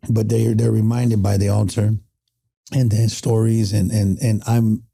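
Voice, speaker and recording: Speaking a little slowly with a flat delivery, this middle-aged podcast guest has a lowish, mellow voice with vocal fry and slight roughness. He tells reflective stories earnestly and from the heart in a casual chat, frequently halting and restarting.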